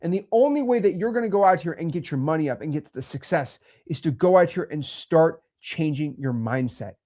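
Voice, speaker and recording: A man's voice: on the high side, animated, a little fast, a little mellow. A man hosting a talk, speaking bluntly and pushily and repeating himself. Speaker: host. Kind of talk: motivational talk.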